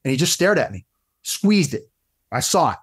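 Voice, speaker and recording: A middle-aged man with a slightly high, slightly rough voice appears as a guest fitness coach on a podcast, telling stories in a casual interview. He speaks at a normal speed with big swings in pitch, animatedly doubling back and restarting sentences as the story unfolds.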